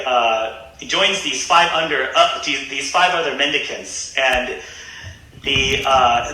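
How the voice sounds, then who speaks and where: Man, Buddhist reverend guest, retells an old story with loose, halting delivery; very bright tone, very echoey room. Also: on the high side, a little hiss or hum. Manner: hesitant, many fillers and restarts. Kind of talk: casual storytelling.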